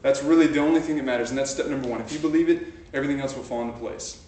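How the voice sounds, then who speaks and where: The man's mellow, medium-pitched voice races along as he gives a motivational talk to a live audience, telling stories and building to fired-up exhortation. A camcorder far away records the echoey large room, with slight background noise.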